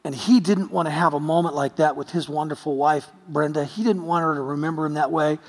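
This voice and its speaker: A man's voice: on the high side, steady tone, fairly quick, long reverb tail. A man preaching a sermon as pastor, telling stories earnestly with touches of light humor.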